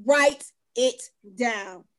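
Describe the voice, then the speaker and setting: A woman co-hosting a casual faith talk, reading scripture slowly and emphatically and cheering her co-host on with quick interjections. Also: on the high side. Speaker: podcast co-host.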